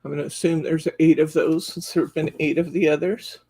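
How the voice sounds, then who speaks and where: A woman's voice: low voice, fairly even intonation, a little fast, dark tone, husky. A woman hosting a live craft store show-and-tell, enthusiastically describing card stock packs and counting sheets aloud as she flips through them. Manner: enthusiastic, gushing over products.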